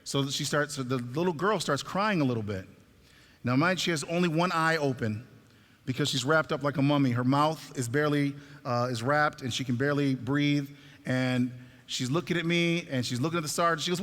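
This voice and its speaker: A man giving a stage talk, telling a story in an animated way and acting out the dialogue, in a reverberant hall. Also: on the high side, brisk. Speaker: speaker at a talk.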